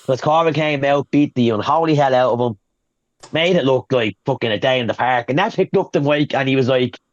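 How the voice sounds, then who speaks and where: A hoarse man with a Dublin accent, ranting about wrestling in a casual podcast chat. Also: mid-range voice, fairly quick, no room sound, muffled recording. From Ireland. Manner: profane, ranting. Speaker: podcast co-host.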